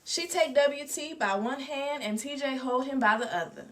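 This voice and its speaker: A woman reading a storybook aloud with expressive, lively narration. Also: sits high, moderate pace, a little hiss or hum. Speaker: reader. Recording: distant mic.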